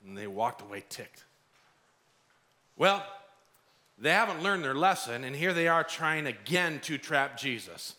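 A middle-aged man preaching a sermon, lively, acting out the voices of the people in the story. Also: mid-range voice, moderate pace, pauses often. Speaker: pastor.

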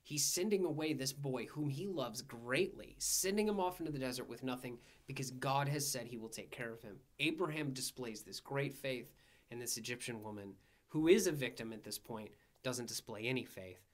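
A man's voice: medium pitch, normal speed. A man co-hosting a church Bible study, reading scripture aloud and explaining it in a thoughtful, conversational way.

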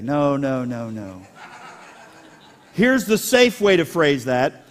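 Guy preaching a sermon, kinda high voice, jokes around with the crowd, long echo like a big church. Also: takes it slowly, long pauses. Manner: animated, joking with the congregation. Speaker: pastor. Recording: long hall reverb.

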